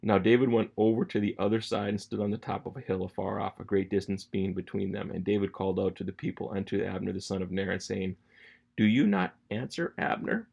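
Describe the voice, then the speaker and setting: A man with a low, heavily gravelly and husky voice walks through a Bible passage. He reads the verses aloud, then retells them in casual, slangy everyday talk, like a relaxed teacher explaining a story. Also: fast talker, few pauses, lo-fi sound. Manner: conversational, paraphrases scripture in slangy everyday talk.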